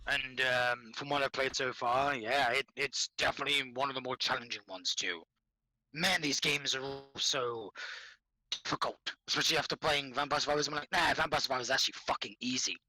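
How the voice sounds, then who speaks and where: A man's voice: medium pitch, moderate pace, sharp tone, rough recording. A man with a non-native English accent co-hosting a casual gaming podcast, laughing often and swearing freely. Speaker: podcast co-host.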